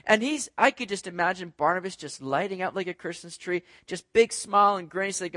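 A man's voice: high-pitched, fairly quick, few pauses, sharp tone, dry recording. A man preaching a sermon to a congregation in a conversational way, often checking in with "right?". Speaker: pastor. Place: church service.

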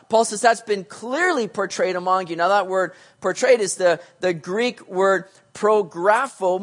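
Preacher, sermon, animated delivery, loud bursts and quiet asides, acts out voices. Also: mid-range voice. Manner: animated, swings between loud emphasis and hushed asides. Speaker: pastor. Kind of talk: sermon teaching on a Bible passage.

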